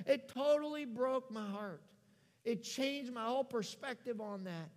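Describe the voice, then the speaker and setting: A middle-aged American pastor with a strikingly high voice tells a personal story from the pulpit. He acts out the conversations, swelling to loud emphasis and then sinking to near whispers. The long reverb of a big church sanctuary trails after each phrase. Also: measured pace. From United States. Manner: animated storyteller, acts out dialogue, swings from loud to hushed. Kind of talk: sermon storytelling.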